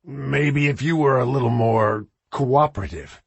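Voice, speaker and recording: A man's voice: fairly low pitch, big pitch swings, moderate pace, breathy edge, no echo, lo-fi sound, heavily acted. A man voicing a defensive, sleazy boss in an audiobook, speaking curtly and evasively. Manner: curt and evasive. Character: defensive, sleazy middle-aged male boss.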